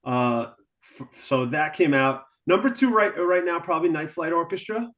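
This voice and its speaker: A man's voice: a little high, animated, moderate pace, fairly bright tone. A man from Long Island, a podcast guest, chatting enthusiastically with hesitant fillers. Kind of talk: casual chat.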